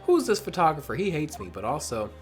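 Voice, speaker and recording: A man streaming a game, rambling in casual self-mocking commentary, mildly tipsy and a little hoarse. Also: a little high, huge pitch swings, quick pace, faint music behind.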